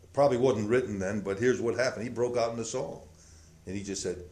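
A man preaches a sermon in a room with a roomy echo. He acts out the quotes, swinging from loud, emphatic passages down to hushed ones. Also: fairly low pitch, fast talker.

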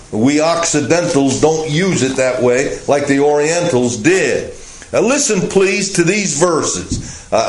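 A man teaching a Bible lesson as pastor, speaking slowly and deliberately with frequent "uh" fillers. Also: a little high, echoey room, low-quality recording.

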